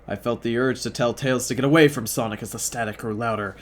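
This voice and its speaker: A man's voice: mid-range voice, steady tone, fast talker, very noisy. A young man reading fan fiction aloud as host, breaking off for sarcastic, profane asides that mock the text.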